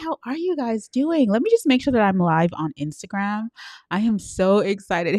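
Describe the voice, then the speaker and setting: A woman's voice: medium pitch, big pitch swings, normal speed, no echo, clean studio sound. A woman hosting a live stream, chatting with viewers and greeting them by name with sing-song hellos and frequent laughs. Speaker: livestream host and coach. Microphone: live-stream setup.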